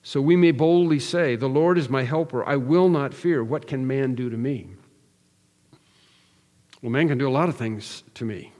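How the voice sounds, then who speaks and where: A man's voice: mid-range voice, normal speed, a little mellow, in a large hall. A man preaching an expository sermon, earnest and emphatic, building through repeated phrases with frequent restarts. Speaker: pastor.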